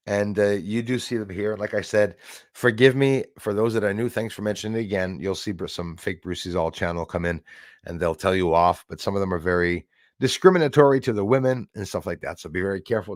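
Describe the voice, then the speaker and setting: Man, low voice, dry sound, casual rambling stream host reading out the chat. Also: brisk, dry recording. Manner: rambling, greets chat viewers by name.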